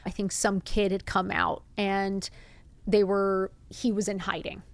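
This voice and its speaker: A woman hosting a podcast, telling a personal story in a casual, animated way, acting out quotes and saying "like" a lot. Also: medium pitch, a little slow, gravelly, no echo. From Miami. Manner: animated, acts out quotes, says "like" often. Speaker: podcast host.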